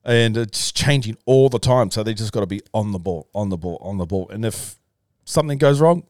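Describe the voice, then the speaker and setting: In echo-free studio sound, a male podcast guest with a lowish, slightly mellow voice talks fairly quickly through a long story. The chat is loose and casual, with free swearing, frequent restarts, and plenty of "bro."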